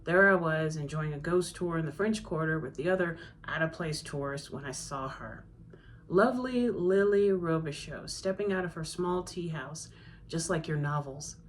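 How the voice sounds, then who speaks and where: A woman's voice: low-pitched, normal speed, slight background noise. Woman author reading her novel aloud. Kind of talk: audiobook-style reading.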